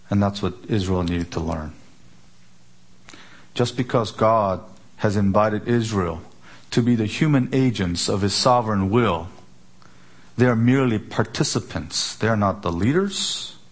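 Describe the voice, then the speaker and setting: A man preaching an expository sermon, emphatic, asking rhetorical questions and slowing down on key words. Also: on the low side. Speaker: pastor.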